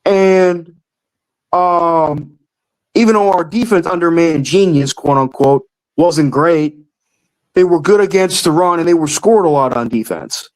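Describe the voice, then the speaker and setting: A man's voice: fairly high pitch, unhurried, rough recording. A young man calling in to a sports show, talking in an emotional, rambling way and swearing now and then. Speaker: caller. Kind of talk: casual sports call-in rant.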